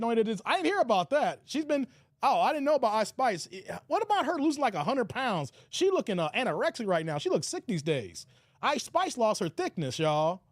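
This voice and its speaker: Animated man, high lively voice. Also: moderate pace, dry recording, studio quality. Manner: animated, stuttering repeats, laughs often. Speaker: livestream host. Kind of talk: casual live chat reading comments.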